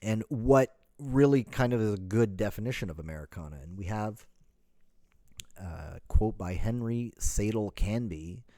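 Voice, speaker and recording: A man's voice: lowish voice, expressive, unhurried, warm tone, no echo. A middle-aged man from Canada in a casual solo talk, rambling and correcting himself, with many "you know"s. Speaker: podcast host.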